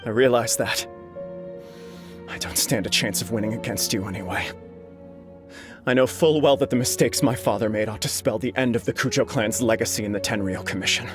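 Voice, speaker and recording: A man's voice: on the low side, brisk, close to an everyday voice. An actor playing a guilt-ridden young nobleman who speaks in an earnest, grave way, in a video game. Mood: remorseful. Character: guilt-ridden young noble man, resolved despite his weakness. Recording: game audio with clear music. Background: game music.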